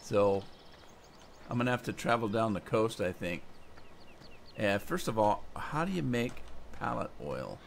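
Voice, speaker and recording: A man's voice: on the low side, big pitch swings, unhurried, creaky, long pauses. An American man live-streaming a farming game, thinking aloud as he plays and answering his viewers' chat. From United States. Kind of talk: live gameplay commentary. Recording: game vehicle engine noise behind.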